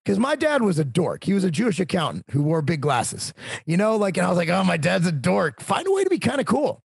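Brief: talkative man in his forties, a bit high-pitched, husky, dry close sound, casual stories. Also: fast talker, no room sound. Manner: talkative, animated, swearing. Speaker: podcast guest. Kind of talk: casual storytelling.

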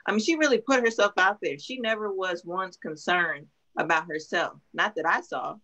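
Young woman on a video call, lowish voice, earnest, lots of ums. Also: moderate pace, bright, forceful tone. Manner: earnest, hesitant with many ums. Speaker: guest, nurse sharing her story. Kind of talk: emotional interview testimony.

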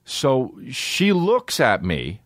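A man, a podcast host telling stories in a casual, animated way, swearing a lot and acting out voices. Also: medium pitch, very slow, dry recording, clean studio sound. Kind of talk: casual storytelling.

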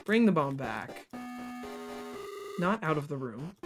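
Exasperated streamer, heavy swearing, mutters then yells, music clearly playing underneath. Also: medium pitch, big pitch swings, takes it slowly. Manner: frustrated, swears a lot, talks to self and chat; swings from muttering to sudden loud outbursts. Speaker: livestreamer. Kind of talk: live gameplay commentary.

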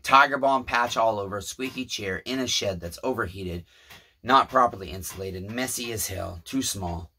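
A man's voice: fairly low pitch, normal speed, bright, forceful tone. A man in his thirties with a Southern US accent, talking in a small shed as a channel host and telling a story in a profane, preachy, rambling way. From Tennessee, US. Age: 30s.

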